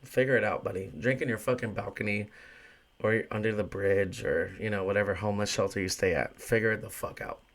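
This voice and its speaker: Young male bar-worker host, lowish voice, chatty profane rant, casual monologue. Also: fairly even intonation, fairly quick. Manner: profane, ranting, frequent fillers. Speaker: bartender and podcast host.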